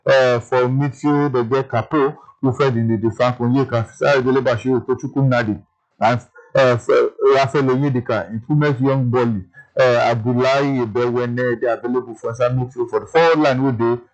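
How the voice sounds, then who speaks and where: A man's voice: medium pitch, fairly even intonation, fairly quick, lo-fi sound, faint music behind. A man from Nigeria with a Nigerian Pidgin accent, presenting a chatty, opinionated sports news roundup with frequent fillers.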